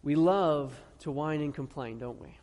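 In the long, echoing reverb of a big church hall, a high-voiced male pastor with a darkish tone delivers a heartfelt sermon. He poses rhetorical questions to the congregation and slows down to emphasize every phrase of scripture.

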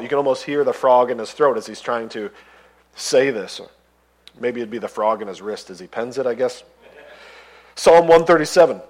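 A man's voice: medium pitch, fairly even intonation, normal speed, low-quality recording. Male pastor, mid-range voice, sermon delivery that swells into impassioned pleading. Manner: preaching, rising to loud impassioned pleading; reads scripture aloud between remarks.

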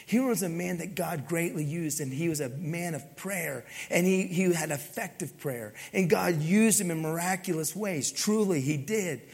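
A man preaching a sermon to his congregation, often dropping to a hushed, intimate tone. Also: a little high, normal speed, gravelly, hardly any pauses, in a large hall. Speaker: pastor. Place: church sanctuary.

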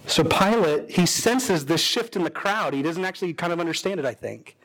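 Preaching in an expressive, fairly bright voice that runs a little fast, a pastor dramatizes a story in his sermon. He voices the characters with pitch swings, his voice suddenly rising and dropping.

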